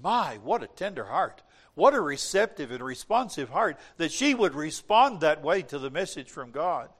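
A man preaching a sermon, swinging between hushed, slow reflection and loud, dramatic cries. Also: fairly high pitch, sing-song.

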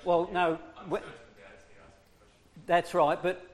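A man's voice: high-pitched, level tone, very slow. A man teaching a small group in a casual, demonstrative way, swinging his voice up and down to make his points. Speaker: speaker teaching discipline. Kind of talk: informal talk to a small group.

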